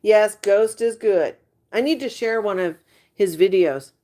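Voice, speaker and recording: A livestream host trades gossip with her audience in a chatty manner, punctuated by exasperated asides. She speaks in a mellow, mid-range voice at a slightly slow pace.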